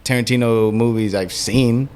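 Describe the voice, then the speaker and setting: A man's voice: mid-range voice, fairly even intonation, normal speed, a little mellow, clean tone. A man co-hosting a casual podcast chat, laid-back and joking, swearing casually. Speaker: podcast co-host.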